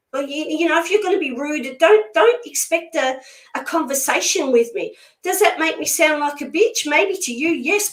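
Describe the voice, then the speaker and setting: A woman speaking as a spiritual medium guest in a casual conversation, blunt, emphatic and outspoken. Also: sits high. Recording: echoey room sound.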